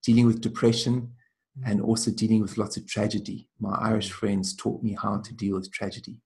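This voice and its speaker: A man being interviewed as a traditional healer, telling reflective stories in a thoughtful, measured way. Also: lowish voice, flat delivery, creaky, a little mellow. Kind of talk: reflective storytelling.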